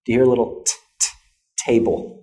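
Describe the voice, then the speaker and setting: Young American male teacher, patient, deliberate delivery, mellow tone, peppers explanations with "okay?". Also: mid-range voice. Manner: patient, checks in with frequent "okay?". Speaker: English pronunciation teacher. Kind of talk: classroom pronunciation lesson.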